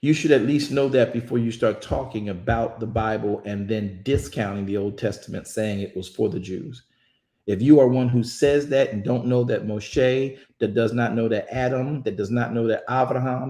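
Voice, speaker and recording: A man's voice: medium pitch, steady tone, normal speed, warm tone. Male Bible study host; emphatic, preachy, folksy delivery; echoey sound. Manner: preachy, emphatic, addresses listeners as y'all. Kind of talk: online Bible study talk.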